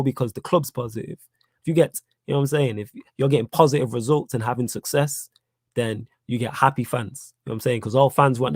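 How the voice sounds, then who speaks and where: A young Manchester man runs a live fan Q&A stream, his medium-pitched, somewhat dark voice recorded without echo. He's blunt and repeats himself, growing heated as he argues his points.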